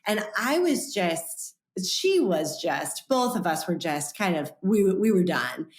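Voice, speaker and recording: A woman in her thirties, an author and podcast guest, telling a personal story in a lively way and acting out the voices of the people in it. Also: lowish voice, takes it slowly, reverberant. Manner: animated, acts out quoted voices.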